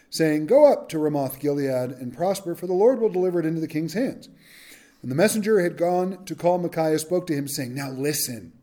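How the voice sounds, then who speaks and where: A man preaching a verse-by-verse sermon, reading scripture aloud and acting out the speakers in casual modern slang. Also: fairly high pitch. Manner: animated, acts out quotes in modern slang. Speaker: pastor. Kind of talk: expository sermon.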